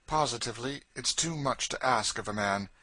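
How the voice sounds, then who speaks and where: A relaxed gentleman father speaks with dry, ironic humor, as a male narrator acts him out. The voice is bright and slightly raised, close and dry in a storybook reading. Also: mid-range voice, moderate pace, no room sound, voice pushed up. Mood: wry. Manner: dry, teasing.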